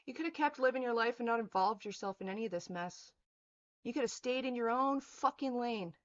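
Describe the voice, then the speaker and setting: A woman's voice: on the high side, brisk, lo-fi sound. A young woman on her own video, ranting in fury with heavy profanity and cutting insults, at times mocking others in a sneering voice. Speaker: vlogger. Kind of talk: angry rant to camera.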